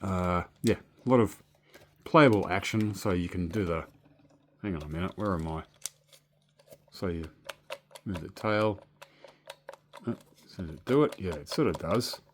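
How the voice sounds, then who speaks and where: A man's voice: deep voice, unhurried, pauses often, slight background noise. A man with an Australian accent, chatting casually and rambling through a story as a toy collector vlogger. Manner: chatty, meandering, swears casually.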